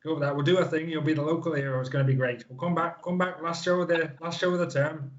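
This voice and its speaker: A man's voice: on the high side, steady tone, fast talker, muffled recording, voice pushed up, lightly acted. A man doing an impression of a matey older male wrestling promoter who reassures a young lad and repeats himself. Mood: reassuring.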